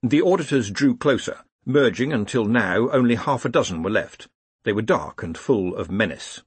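Wry, expressive male narrator, husky voice. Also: lowish voice, normal speed, no room sound. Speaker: audiobook narrator. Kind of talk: scripted narration.

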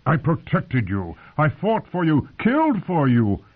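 A man's voice: fairly high pitch, wildly swooping pitch, unhurried, voice pushed up, exaggerated voice. A man reading aloud, voicing a big, proud exiled knight who defends himself and pleads, heard through narrow phone-like sound. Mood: pleading.

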